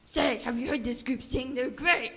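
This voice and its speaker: A bumbling, jokey male jungle bear, voiced by a woman in a church Christmas puppet skit. The voice sits high and sounds bright and forceful. It rings out with long reverb in a church hall. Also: fairly even intonation, moderate pace. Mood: playful. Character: goofy male jungle bear, easily sidetracked. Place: church sanctuary.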